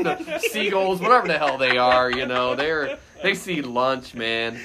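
A man in a relaxed podcast chat who spins a personal story with a bright, forward voice sitting a little high. He laughs as he goes and jumps up loud whenever he acts out what someone said. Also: unhurried, few pauses, slight background noise. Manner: animated, loose, frequent laughter, shouts quoted lines loudly. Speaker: podcast guest. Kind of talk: casual anecdote storytelling.

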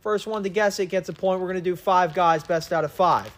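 Upbeat young man with a high voice. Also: brisk. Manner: upbeat, game-show style quizzing. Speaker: podcast co-host running a quiz game. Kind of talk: casual sports chat.

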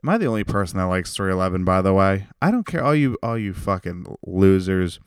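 A man hosting a podcast alone, ranting in a rambling, profane, jokey way with sudden loud bursts. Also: sits low, brisk, smooth, no room sound. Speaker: podcast host. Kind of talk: solo comedic rant.

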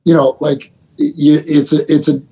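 Gravelly, husky-voiced coach telling stories. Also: male voice, fairly high pitch. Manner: animated, laughing anecdotes with quick restarts. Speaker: basketball head coach. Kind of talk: storytelling guest in a casual interview.

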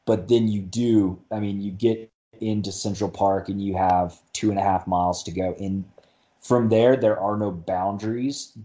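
Mellow low-voiced man, rambling casually. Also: fairly even intonation, normal speed. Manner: rambling, lots of fillers and restarts. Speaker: podcast guest, marathon runner. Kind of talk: casual conversation.

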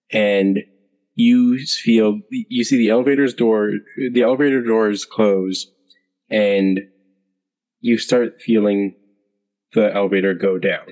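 Male game master, low voice, slow and halting narration, long reverb. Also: darkish tone. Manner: unhurried, hesitant narration with many fillers.

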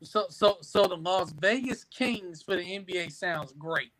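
A man in casual sports chat, animated and teasing, with halting restarts. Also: sits high, poor audio.

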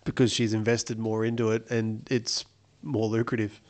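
A man's voice: lowish voice, little pitch movement, moderate pace, a little mellow. A man co-hosting a casual podcast, chatty and easygoing, often jumping in. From Australia. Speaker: podcast co-host.

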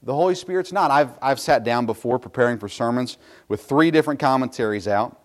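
A man's voice: medium pitch, lively intonation, quick pace. A middle-aged pastor preaching a sermon in a folksy, self-deprecating way, with asides to his congregation.

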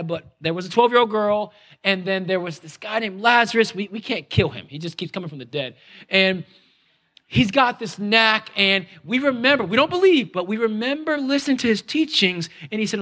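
Animated high-voiced man preaching. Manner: animated, acts out characters' lines in a conversational storytelling way. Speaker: pastor. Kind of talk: sermon.

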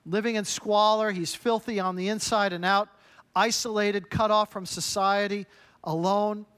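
Male pastor, higher voice, punchy emphatic sermon delivery. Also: fairly even intonation, normal speed, fairly bright tone, clean tone. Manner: emphatic, punchy preaching with short repeated phrases.

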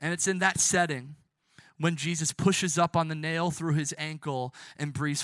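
A young male preacher with a high, bright voice delivers a fervent sermon in a steady tone. He alternates between loud, shouted lines to the crowd and hushed, drawn-out quotes, recorded dry and close.

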